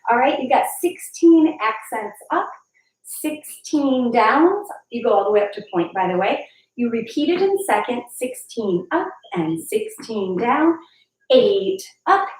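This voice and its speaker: A woman's voice: high-pitched, darkish tone. A woman teaching a ballet class, chatty and encouraging as she calls out steps and counts while she demonstrates, a little out of breath. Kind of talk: live online dance class instruction. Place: dance studio, large room. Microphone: far camera mic. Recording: echoey room, far from the mic. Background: piano class music playing.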